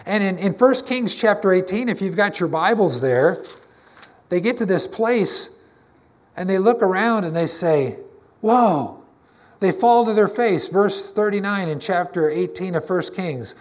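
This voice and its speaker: A man preaching a conversational, emphatic sermon to his congregation, often restarting his phrases. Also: sits high. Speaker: pastor.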